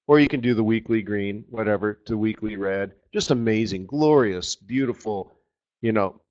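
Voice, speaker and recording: A man hosting a live trading webinar, talking over his charts with excited outbursts and trailing murmurs. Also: mid-range voice, dull audio. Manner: excitable, exclamatory, trails off while fiddling with charts. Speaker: forex market strategist hosting a live webinar.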